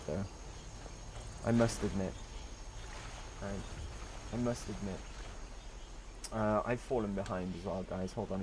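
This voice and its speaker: With a medium-pitched voice and slight background noise, a middle-aged man chats casually on a live game stream. He teases viewers with jokes and drops the odd curse word.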